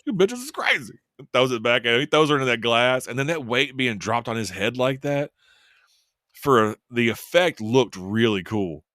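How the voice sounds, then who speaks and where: A podcast co-host rambles through a casual recap of a horror film, laughing in amusement along the way. His voice is mid-range, a bit bright, and at normal speed, captured with clean studio sound and no echo.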